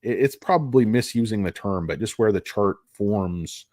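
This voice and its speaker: A man's voice: lowish voice, animated, moderate pace, a little mellow, no room sound, clean studio sound. A man giving casual, rambling stock commentary, jokey and self-deprecating. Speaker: stock market vlogger.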